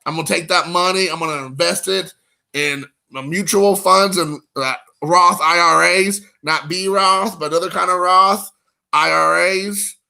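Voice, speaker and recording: A man's voice: high-pitched, fairly even intonation, unhurried, vocal fry, sharp tone. A man in his forties hosting a casual card-collecting stream, joking and rambling at his chat viewers. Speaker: card-collecting show host.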